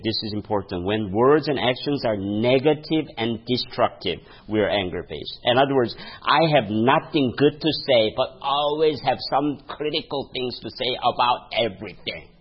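A man's voice: mid-range voice, moderate pace, hardly any pauses, slightly rough, highs cut off. A male pastor preaching a sermon, telling a story and laughing at his own stories, calling out to the congregation for a response. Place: church.

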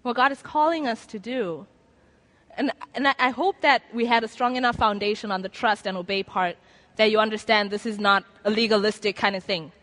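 A woman's voice: medium pitch, fairly even intonation, fairly quick, a bit bright. A woman preaching a sermon to a gathered audience, earnest and conversational, acting out inner voices as she makes an appeal. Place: lecture room before an audience.

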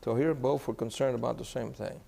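Man pastor telling a story in church, super gravelly voice, echoey hall. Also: medium pitch, fairly even intonation, a little fast, warm tone. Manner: earnest, asks the congregation questions. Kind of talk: sermon storytelling.

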